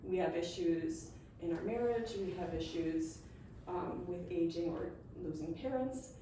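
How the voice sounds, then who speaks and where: A woman's voice: lowish voice, measured pace, warm tone. A middle-aged woman talking earnestly and openly to an audience about her own stress. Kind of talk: casual talk to a live audience. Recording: echoey room, distant mic, faint background noise.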